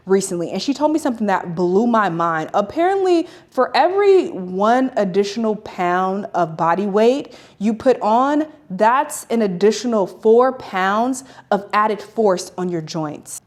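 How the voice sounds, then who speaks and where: A woman speaks straight to her viewers in a relaxed home vlog. Her talk is candid and emotional, loose and chatty, with filler "like"s. Her pitch sits right in the middle. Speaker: vlogger. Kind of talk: casual confessional vlog. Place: at home in an apartment.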